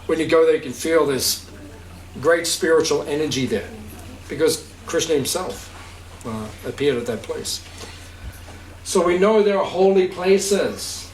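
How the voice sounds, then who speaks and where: A man's voice: fairly high pitch, measured pace, pauses often. A man as spiritual teacher giving an informal talk to a gathering, conversational, checking understanding with questions and laughing easily. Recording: echoey room, distant mic, faint hiss.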